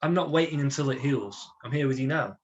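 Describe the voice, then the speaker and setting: An energetic man leads a motivational webinar at a middling pitch. He talks in a chatty way and keeps checking in with his listeners with tag questions. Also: fairly quick, muffled recording. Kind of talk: lively talk to an online audience.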